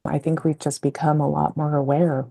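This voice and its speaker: A woman in her fifties from Colorado speaks in a low voice. She tells her story in a loose, reflective way, stopping and restarting and growing emotional as she goes. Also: level tone, moderate pace, creaky, warm tone. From Colorado, USA. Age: 50s. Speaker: podcast guest, communication coach. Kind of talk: casual interview storytelling.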